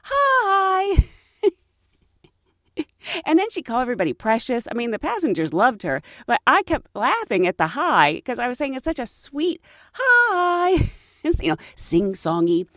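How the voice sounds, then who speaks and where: Lively animated woman host, dry sound. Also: fairly high pitch, normal speed, no echo. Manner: animated, laughs often, sing-song imitations. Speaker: host and flight attendant. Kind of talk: casual storytelling.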